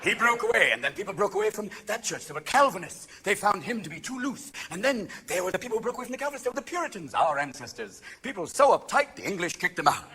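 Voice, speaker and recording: Manic high-pitched stand-up comedian. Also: male voice, very animated, quick pace, hardly any pauses. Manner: manic, jumps between shouting and hushed asides. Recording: live stage recording with audience noise.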